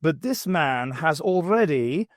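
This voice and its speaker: A man's voice: a little high, animated, takes it slowly, no room sound, clean studio sound, voice pushed up. A man voicing a blunt, insistent male vice chairman who was once a policeman, in a novel reading.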